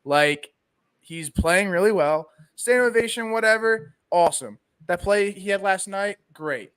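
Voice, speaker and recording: A man's voice: high voice, animated, measured pace, fairly bright tone, clear, resonant tone. A man co-hosting a casual sports podcast, talking animatedly and reading sponsor spots. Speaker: podcast co-host.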